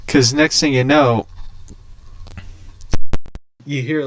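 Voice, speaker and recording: A man's voice: medium pitch, fairly even intonation, slow, pauses often. A man hosting a casual show, telling a story and laughing at himself as he goes. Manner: laughs through his stories, chatty. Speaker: host. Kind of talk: casual storytelling and reading aloud.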